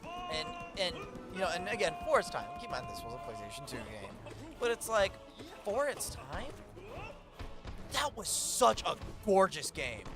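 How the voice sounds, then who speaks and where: Young man, excitable, high voice, wildly swinging pitch, gaming chat, music behind. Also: normal speed. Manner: excitable, swears and laughs often. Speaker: co-host watching a gameplay playthrough.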